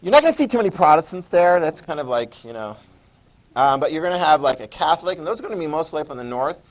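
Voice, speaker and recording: A man's voice: on the high side, sing-song, fast. A man teaching a history class, casual and joking, asking students questions. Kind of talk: classroom lecture.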